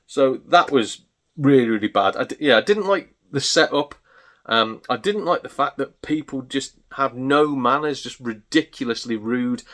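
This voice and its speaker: A man's voice: medium pitch, animated, normal speed, fairly bright tone. A man, a gaming YouTuber, talking in a casual, exasperated, chatty way as he rants about his experience. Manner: exasperated, chatty ranting storyteller. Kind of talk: casual ranting vlog.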